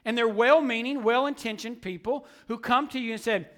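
A man preaching a sermon, emphatic and repetitive, swinging between quiet asides and loud declarations. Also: very high voice, normal speed. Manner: emphatic preaching with repetition, surging louder and softer. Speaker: pastor.

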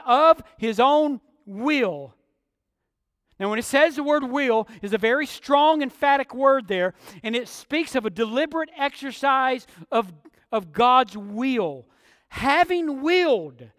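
High-voiced emphatic male preacher. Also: no echo, studio quality, long reverb tail. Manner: emphatic preaching, dropping to quieter asides. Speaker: pastor. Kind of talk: sermon.

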